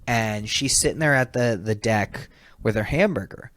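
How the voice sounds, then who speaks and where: A man, a comedian, telling stories in a casual podcast chat. He laughs often and acts out quoted people with sudden high voice jumps. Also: moderate pace, fairly bright tone, no echo, clean studio sound. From California. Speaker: comedian and baseball mascot performer, podcast guest. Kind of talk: animated storytelling in a casual chat.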